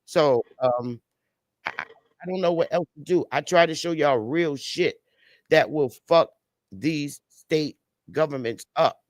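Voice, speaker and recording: This woman, a panelist on a livestream, unleashes a blunt, angry, profanity-laced rant through a video call. She speaks unhurriedly in a low-pitched voice, with no echo on the recording.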